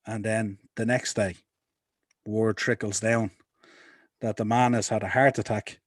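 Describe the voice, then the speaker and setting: A man co-hosting a podcast, calmly recounting events before he hands over to his guest. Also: lowish voice, a little slow, dry recording, clean studio sound. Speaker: podcast co-host. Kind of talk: casual chat.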